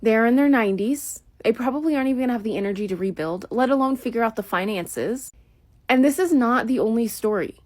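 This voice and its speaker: A woman's voice: a little high, expressive, quick pace, a little mellow. A woman from Southern California talking to camera, somberly retelling a story. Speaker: social media commentator. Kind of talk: casual to-camera talk.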